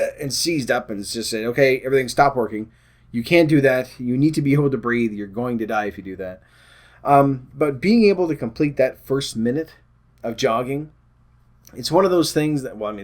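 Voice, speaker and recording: A man vlogging about his weight loss, talking casually and rambling, often going off topic and poking fun at himself. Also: medium pitch. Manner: rambling, self-deprecating, chatty. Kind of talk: casual chat to camera.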